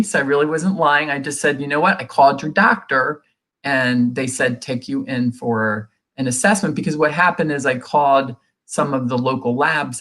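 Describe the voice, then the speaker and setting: Earnest middle-aged woman telling her story. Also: extremely low pitch. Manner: earnest, reenacts quoted dialogue in her telling; many fillers and restarts, conversational. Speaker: guest sharing a recovery story. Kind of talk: personal storytelling in an interview.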